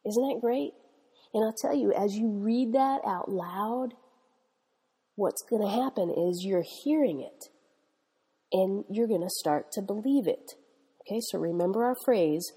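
Woman Bible teacher, breathy lower voice, long reverb on the recording, devotional pacing. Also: lively intonation, dark tone. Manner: slow and deliberate, rising emphatically on quoted verses. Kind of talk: devotional teaching, guided scripture confession.

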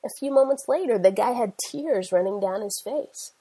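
A woman's voice: a little high, normal speed, warm tone, breathy edge, low-quality recording. A middle-aged woman preacher delivering an earnest sermon, telling stories in a conversational way and quoting scripture.

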